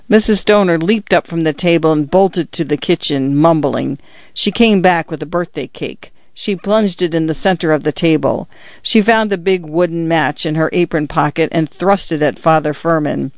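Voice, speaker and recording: A man narrates a short story in a steady, measured way, his voice sitting a little high. The recording is dry with no room sound, and somewhat dull and muffled. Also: dry recording. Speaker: audiobook reader.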